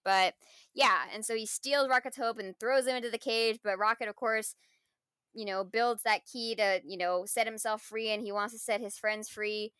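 A woman's voice: on the high side, fairly even intonation, moderate pace, a bit bright, smooth, dry recording, studio quality. A woman co-hosting a casual film review podcast, talking thoughtfully and reflectively, full of "like" and "you know". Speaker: podcast co-host.

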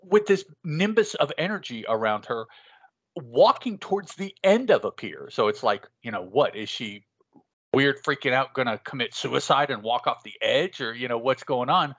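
A man's voice: mid-range voice, expressive, normal speed, a bit bright, slightly rough, muffled recording. A man co-hosting a casual comics podcast, who talks in a rambling way with many restarts. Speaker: podcast co-host.

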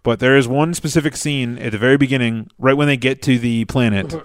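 A man co-hosting a casual podcast, swearing freely and breaking into excited quoted bits from a show. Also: mid-range voice. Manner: profane, quick bursts into animated quoted impressions. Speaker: podcast co-host. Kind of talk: casual chat.

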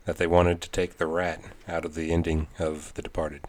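A man's voice: deep voice, flat delivery, normal speed, darkish tone. A man co-hosting a casual chat, laid-back, mostly giving short agreeing replies and reading out news items. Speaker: podcast co-host.

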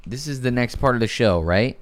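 A man's voice: medium pitch, animated, brisk. A man hosting a podcast, talking in brash, crude, teasing banter with his co-hosts. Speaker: podcast host.

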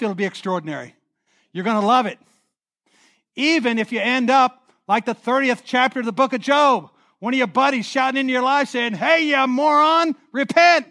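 A man preaching a sermon as pastor, impassioned, swinging from near-shouts down to a hushed prayer. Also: very high-pitched.

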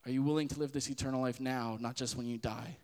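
A man's voice: mid-range voice, steady tone, fast talker, darkish tone, long reverb tail. A man in his twenties giving a casual spoken sermon as a podcast host, earnest and conversational. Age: 20s. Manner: earnest and conversational, with frequent laughs and fillers.

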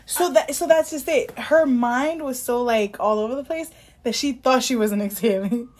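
A woman co-hosting a casual podcast chat, adding dry asides and giving halting explanations. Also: fairly high pitch, a little mellow. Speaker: podcast co-host.

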